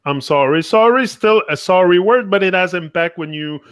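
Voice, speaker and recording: A man hosting a casual conversation who speaks in halting phrasing with many fillers. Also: sits high, expressive, clear, resonant tone, dry recording, studio quality. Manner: halting non-native phrasing, frequent fillers. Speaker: host.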